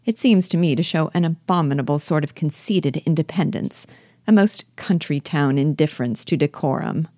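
A woman reading aloud, voicing a snobbish, mocking young lady with scornful, drawn-out emphasis. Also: deep voice, warm tone, no room sound, studio quality. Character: sneering snobbish young lady, Miss Bingley.

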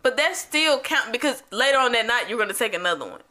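A young woman teasing her friends in a casual chat, her voice bright with lively swings in pitch. She laughs easily and pushes back playfully. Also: fast talker. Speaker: podcast co-host.

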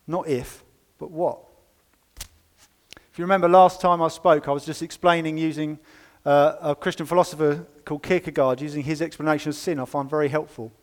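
A man preaching to his congregation in a somewhat high voice, leaning hard on emphatic words before falling back to quiet, conversational asides. The sound carries a long reverb from the church hall around him. He mixes scripture reading with plain, wry commentary. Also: fairly even intonation, normal speed. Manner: emphatic, swinging between loud stresses and quiet asides. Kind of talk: sermon.

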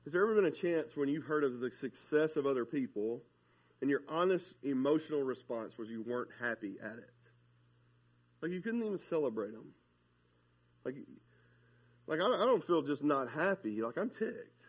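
A man, preaching a sermon in an animated, conversational way and often asking "right?". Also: mid-range voice, normal speed, long pauses, husky, lo-fi sound. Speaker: pastor.

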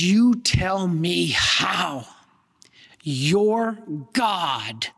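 A man, a priest, telling a story in a sermon with earnest, dramatic pauses. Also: sits high, bright, forceful tone, in a large hall.

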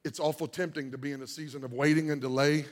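A pastor delivering a dynamic sermon, swinging from loud shouting to quiet murmurs. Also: male voice, a little high, level tone, fast. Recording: long hall reverb.

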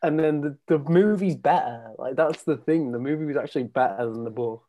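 A man's voice: fairly high pitch, fairly quick, warm tone. A man on a podcast panel, rambling casually with plenty of fillers. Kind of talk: casual group chat.

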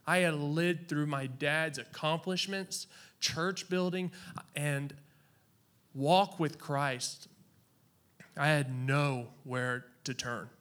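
A man from Oklahoma giving a personal faith testimony in an earnest, halting way, with long dramatic pauses. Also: a little high, steady tone, fairly bright tone.

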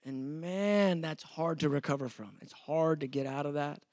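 A man's voice: on the high side, moderate pace, a little mellow, no echo, studio quality. A man in his fifties, a pastor, teaching a sermon in a conversational, self-deprecating way, acting out the exchanges he quotes.

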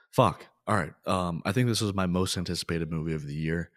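A man's voice: sits low, normal speed, hardly any pauses, dry recording, clean studio sound. A man hosting a casual movie podcast, talking loosely with frequent laughs and swearing. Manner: loose, profane, laughs often. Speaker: podcast host.

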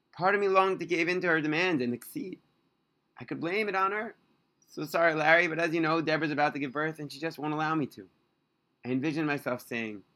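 A man telling a first-person story in scripted narration, earnest and expressive. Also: on the high side.

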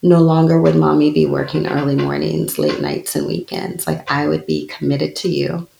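A woman's voice: low-pitched, little pitch movement, normal speed, gravelly, slight background noise. A woman in her thirties, a spiritual speaker, telling a personal story in an earnest, reflective way during an interview. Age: 30s. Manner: earnest, personal, with soft laughs. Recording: echoey room.

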